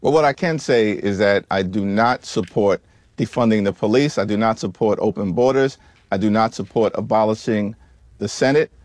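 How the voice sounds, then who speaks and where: Low-voiced man giving firm political answers. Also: moderate pace, a little mellow, no room sound. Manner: firm, repetitive declarations. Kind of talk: interview answer.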